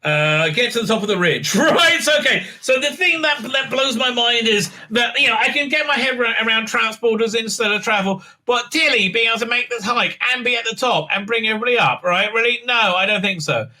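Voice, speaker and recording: A man's voice: very high-pitched, brisk, few pauses, pushed and bright. A man hosting a sarcastic, profane recap of a TV episode, full of mocking asides and filler sounds. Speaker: show reviewer, channel host.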